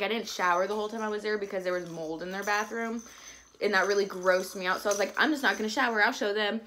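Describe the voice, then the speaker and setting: A woman's voice: medium pitch, a bit bright. A young woman telling a casual, chatty story in a vlog, with lots of "like"s and bits of baby talk. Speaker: vlogger and new mother.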